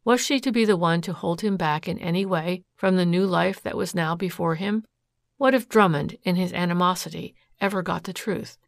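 A woman narrates a classic detective story in a steady, scripted delivery. Her voice is lowish with a gravelly fry, recorded dry and close. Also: no room sound. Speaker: audiobook narrator.

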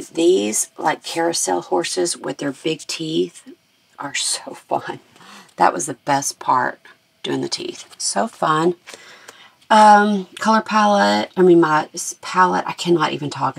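Tired middle-aged lady rambling about her art stuff, low scratchy voice with lots of fry, outdoors by a lake with faint hiss. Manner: rambling, thinking out loud. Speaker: artist vlogger. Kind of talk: casual vlog chat. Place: outdoors at a lakeside campground.

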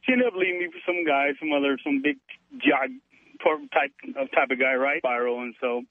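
A man's voice: on the high side, lively intonation, brisk, gravelly, dry recording. Boastful male caller on a tinny phone. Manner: boastful, chatty, keeps saying dude. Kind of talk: phone-in storytelling. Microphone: telephone.

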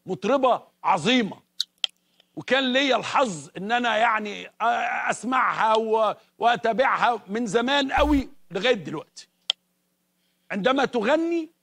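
A man's voice: high-pitched, a bit bright, a little hiss or hum. A man with an Egyptian accent giving an emphatic, building TV introduction as a presenter. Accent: Egyptian Arabic. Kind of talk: TV introduction speech.

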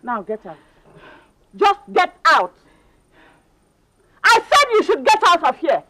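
A woman's voice: very high voice, sing-song, slow pace, pushed and bright, full character voice. A woman with a Nigerian accent playing an angry woman who scolds a man and orders him out. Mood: scolding. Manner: scolding, commanding.

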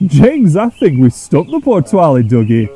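A man's voice: a little high, wildly swooping pitch, moderate pace, mellow, breathy edge, voice pushed up, heavily acted. Donald, a man doing a cheeky Scottish engine. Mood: scolding. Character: teasing cheeky Scottish male twin engine.

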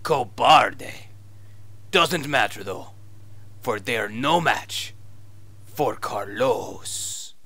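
A man's voice: medium pitch, animated, extremely slow, pauses often, pushed and bright, full character voice. An actor playing a boastful male wasteland ranger who talks about himself in the third person, with a fake Spanish accent.

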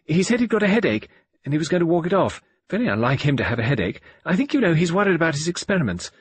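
A man's voice: on the high side, big pitch swings, quick pace, husky, no echo, voice pushed up. Man voicing a nervously chattering lady.

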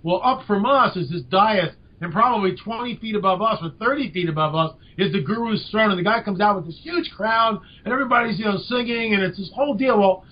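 An older man, a podcast guest, telling a story with lively emphasis. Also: high voice, fairly quick, hardly any pauses. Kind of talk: storytelling in an interview. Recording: dull lo-fi audio.

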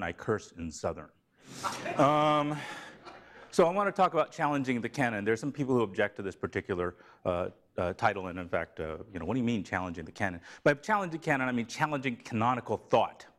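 A man from Tennessee giving a seminar talk in a lively, joking way. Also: on the low side, a little fast. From Tennessee, USA. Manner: animated, joking, slips into a put-on Southern drawl for a gag. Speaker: seminar speaker. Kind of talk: lively academic lecture. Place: lecture room.

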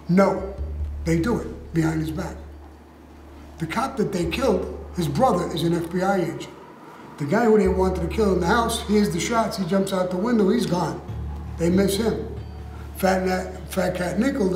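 A man's voice: sits high, a little mellow. An older man, telling blunt, profane, sarcastic stories as an interview guest. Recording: echoey room with faint noise.

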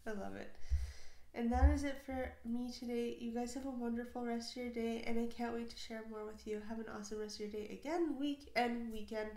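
Woman doing casual reaction chat, slightly high voice, lots of oh's, sounds like a bare echoey room. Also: fairly even intonation, fairly quick, warm tone. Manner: gushing, frequent "oh" exclamations and giggles. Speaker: host reacting to animal clips. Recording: roomy echo.

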